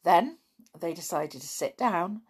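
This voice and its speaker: A woman reading a children's story aloud, gentle and expressive. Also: takes it slowly, breathy edge. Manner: gentle, expressive, raises pitch for children's voices.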